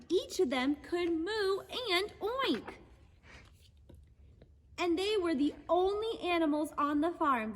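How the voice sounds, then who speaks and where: A woman gently and patiently teaching children a lesson on horses and reading them a storybook aloud. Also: sits high, long reverb tail. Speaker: children's horse program instructor.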